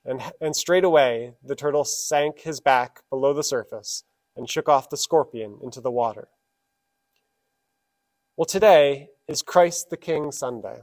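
A man's voice: mid-range voice, a little slow, darkish tone. A man preaching a sermon as pastor, telling fables and leading prayer reverently. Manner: storytelling, then reverent prayer.

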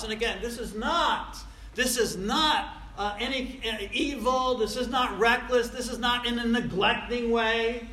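A man preaching a sermon, swinging between loud, stressed points and quiet asides. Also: very high voice, a little slow, few pauses. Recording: echoey room.

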